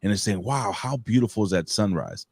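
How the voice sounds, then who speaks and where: Low-voiced, profane New man. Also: lively intonation, fairly quick, darkish tone, slightly rough, no echo. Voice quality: profane, rambling storyteller with repeated restarts. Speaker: co-host. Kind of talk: casual podcast chat.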